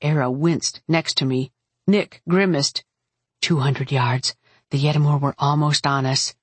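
A woman narrating a first-person fantasy audiobook in a steady, wry manner. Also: deep voice, normal speed, slightly rough, no echo.

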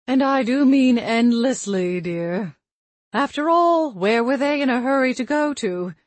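A fussy, scatterbrained old grandmother spirit speaks from inside a locket, as a woman narrator puts her on. Her voice sits higher and louder than the narration and swings between tart scolding and delight. The sound is dry and close. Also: expressive, a little slow, dry recording. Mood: chatty. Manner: chiding, chatty and scatterbrained.

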